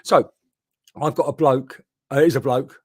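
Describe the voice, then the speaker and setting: A man's voice: medium pitch, steady tone, moderate pace, a little mellow, breathy edge, no room sound. Male medium, rambling and chatty, mid-range voice, dry close mic. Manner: rambling, chatty, many restarts. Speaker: spiritual medium. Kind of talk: live online mediumship session. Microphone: boom mic.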